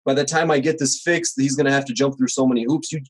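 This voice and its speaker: A man's voice: medium pitch, fast, slightly rough, low-quality recording. A man who runs a small home service business, chatting as a podcast guest and acting out little scenes as he tells them. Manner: animated storyteller, acts out quoted voices. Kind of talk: casual podcast conversation.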